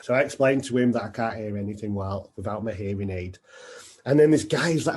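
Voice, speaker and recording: Male speaker, reflective storyteller, mellow, slightly raspy voice. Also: lowish voice, fast talker. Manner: earnest and reflective. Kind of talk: personal storytelling talk.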